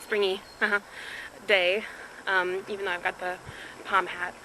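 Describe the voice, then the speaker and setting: A woman's voice: mid-range voice, flat delivery, measured pace, background noise. A woman chatting casually in a diary vlog, rambling with filler words and poking fun at herself, first outdoors and then at home. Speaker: vlogger.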